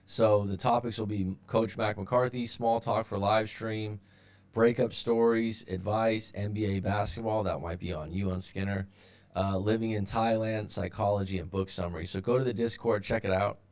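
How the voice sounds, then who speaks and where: A man's voice: on the low side, steady tone, moderate pace, darkish tone. A man hosting a live stream as a breakup coach, talking casually with lots of fillers and restarts, his audio turning robotic at times. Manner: rambling, with many fillers and restarts.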